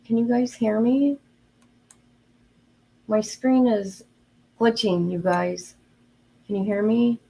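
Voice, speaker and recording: A woman's voice: on the high side, steady tone, slow pace, gravelly, long pauses, mellow, slightly rough, rough recording. An older woman hosting a casual livestream, chatty and earnest, talking straight to her viewers and openly emotional. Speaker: livestream host.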